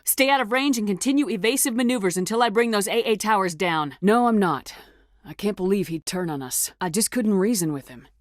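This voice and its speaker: An actress voicing a steady, firm female military commander in a video game, speaking in a commanding, clipped way. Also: lowish voice, dry recording, natural voice. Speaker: game character. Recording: dry studio recording.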